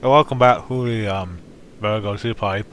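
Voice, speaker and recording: A man's voice: fairly low pitch, unhurried, fairly bright tone, slight background noise. A man hosting a let's play, giving casual, rambling, jokey commentary while he plays.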